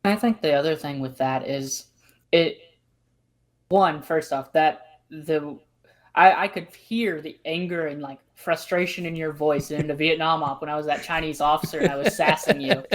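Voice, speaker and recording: A woman from the American South with a Southern accent, hosting a casual podcast chat and telling stories in a relaxed, chatty way. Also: low-pitched, normal speed. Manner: relaxed, chatty, storytelling with asides. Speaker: host.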